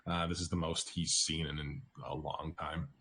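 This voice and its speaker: A man narrating as dungeon master, halting with frequent ums and restarts. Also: rumbling low, little pitch movement, vocal fry, pushed and bright, slight background noise. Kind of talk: narrating a tabletop game.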